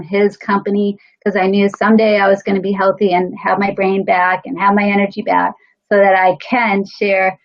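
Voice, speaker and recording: A woman host telling her own story in a casual, earnest way, with many fillers, before introducing a guest. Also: medium pitch. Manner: earnest, with frequent fillers and light laughs. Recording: dull lo-fi sound.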